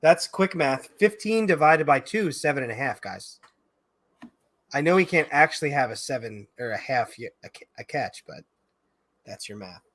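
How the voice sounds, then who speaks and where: A man's voice: medium pitch, animated, normal speed, a bit bright. A man co-hosting a sports betting podcast, joking loosely, laughing and swearing as he talks. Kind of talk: casual sports betting chat.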